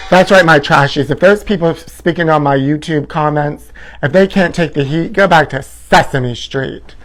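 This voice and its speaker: A man's voice: a little high, normal speed, faint music behind. A man hosting a comedy show, delivering a campy, sassy and theatrical tabloid gossip monologue.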